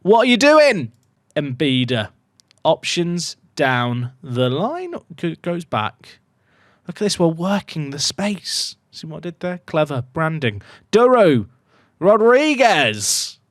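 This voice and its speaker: Excitable male gaming commentator who shrieks at chances, wildly animated delivery, dry close sound. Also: fairly high pitch, slow pace, no room sound. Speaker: gaming YouTuber. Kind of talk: live football-game commentary.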